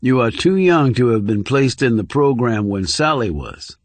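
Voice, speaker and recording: A man voicing a menacing middle-aged male interrogator who speaks formally, slowly and with condescension. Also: mid-range voice, sing-song, no echo, close to an everyday voice. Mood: cold.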